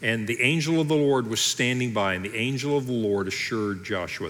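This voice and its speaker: A man's voice: medium pitch, brisk, few pauses, fairly bright tone, in a large hall, a little hiss or hum. A man preaching a sermon as pastor, in a conversational way, briefly voicing people from the story he tells. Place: church auditorium.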